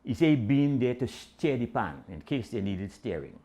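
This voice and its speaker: An older man with a Trinidadian accent telling a comic story in dialect, animated and acting out the characters. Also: mid-range voice, normal speed. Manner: animated Caribbean-dialect storytelling with voiced quotes.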